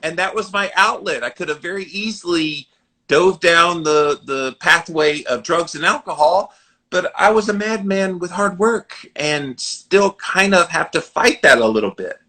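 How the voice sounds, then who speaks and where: Bright-voiced Southern man hosting. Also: high-pitched, measured pace. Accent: Southern American. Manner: animated, earnest, advice-giving. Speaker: podcast host. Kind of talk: conversational interview.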